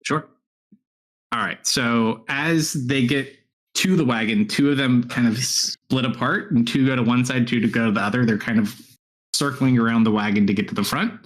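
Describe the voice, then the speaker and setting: A man's voice: medium pitch, normal speed. Casual male dungeon master narrating. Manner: relaxed, conversational, filler-heavy. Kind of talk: narrating a tabletop game.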